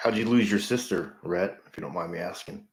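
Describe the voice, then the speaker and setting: A middle-aged man chatting with livestream viewers, earnest and halting, often repeating himself. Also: sits low. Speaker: livestream host in recovery. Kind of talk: casual livestream chat with viewers. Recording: echoey room.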